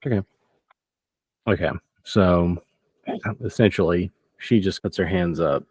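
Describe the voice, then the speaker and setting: A man narrating a tabletop role-playing game as game master, relaxed and chuckling as he describes scenes. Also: sits low, a little slow, slightly rough, no echo.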